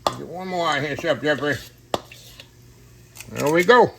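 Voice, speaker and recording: Indoors in his home kitchen, a middle-aged man who works as a kitchen manager and cooks at home chats excitedly to viewers for a casual cooking vlog, his camera set on a tripod. He keeps calling his audience "y'all." His voice runs a bit high and creaky at a normal speed, with background noise present.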